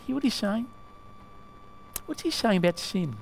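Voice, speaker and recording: A male preacher giving a sermon in a halting way, often asking the listeners questions. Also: sits high, sing-song, creaky, a little hiss or hum.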